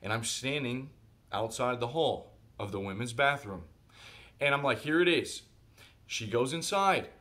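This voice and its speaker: A man telling a personal story in a casual vlog monologue, animated and conversational, speaking directly to his viewers. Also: mid-range voice, moderate pace. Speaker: vlogger.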